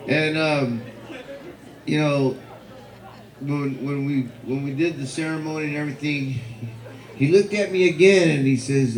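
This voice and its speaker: A man speaking at a memorial, telling a personal story in a halting way with many fillers and repeated words. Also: on the high side, a little mellow, a faint crowd. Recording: echoey hall.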